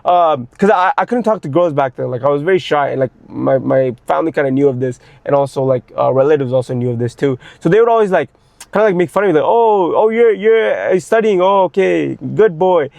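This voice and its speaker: A man's voice: medium pitch, quick pace, vocal fry, a little mellow, no echo. A young man and fitness coach in an unscripted personal monologue, intense and ranting, swearing heavily and repeating himself as he gets worked up. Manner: repeats words when worked up.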